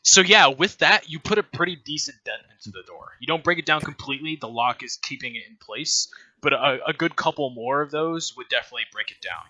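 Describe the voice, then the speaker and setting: A man's voice: a little high, animated, fairly quick, sharp tone, no echo, highs cut off. A man running a tabletop game as game master, narrating in a loose, laughing, rambling way.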